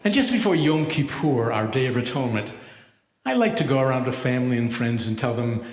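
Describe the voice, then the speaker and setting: A man in his seventies, a rabbi doing stand-up comedy, telling stories with a wry, measured delivery and deadpan punchlines. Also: medium pitch. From United States. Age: 70s. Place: large hall with a live audience. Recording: echoey hall from far off.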